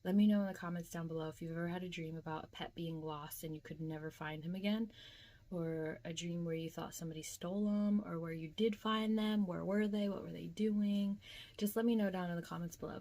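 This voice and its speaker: A young woman with a slightly low voice recounts her dream in a casual vlog. She talks in a chatty, emotional way and fills her speech with filler words. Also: dark tone. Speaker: vlogger.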